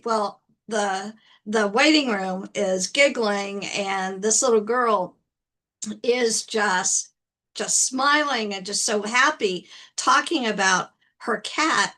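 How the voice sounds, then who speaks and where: A woman motivational speaker telling a personal story in a gentle manner, often repeating words as she goes. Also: medium pitch. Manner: gentle, unhurried, repeats words while recounting.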